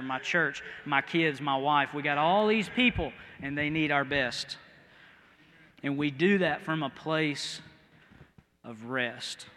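Folksy preacher man, bright ringing voice. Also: fairly high pitch, big-room sound. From American Midwest. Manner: folksy, storytelling, swings from quiet to loud. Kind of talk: sermon.

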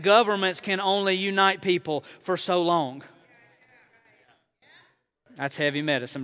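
Bright, high-voiced male preacher. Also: clear, resonant tone. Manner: conversational preaching with sudden rises and quiet drops; folksy, playful asides to the congregation. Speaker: pastor. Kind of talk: sermon. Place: church in front of a congregation.

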